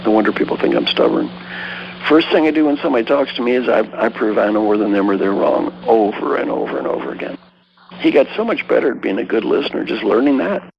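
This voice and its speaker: A man's voice: medium pitch, expressive, fast, gravelly, highs cut off, a little hiss or hum. An older man, an executive coach as a guest, telling stories emphatically and acting out the people he quotes. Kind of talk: storytelling interview talk.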